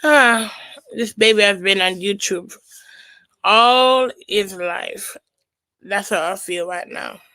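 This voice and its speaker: A woman hosts a casual reaction stream, commenting and reading viewer remarks. She talks slowly, with a gravelly, fry-laden voice. The sound is dry and close. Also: mid-range voice, bright, forceful tone, dry recording, rough recording. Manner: chatty, reads out viewer comments.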